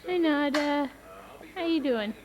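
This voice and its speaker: A woman's voice: high-pitched, slow, a crowd in the background. A woman filming on a farm, chatting to her kittens and horses in a sing-song pet voice, held camera outdoors. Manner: sing-song baby talk to pets. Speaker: farm vlogger. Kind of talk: casual talk to animals while filming. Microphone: handheld camera.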